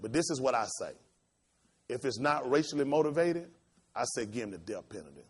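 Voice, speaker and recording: Impassioned preacher with a lively, swooping voice. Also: male voice, brisk, breathy edge. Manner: impassioned storytelling, swinging between loud high outbursts and low quiet asides. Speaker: pastor. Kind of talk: sermon.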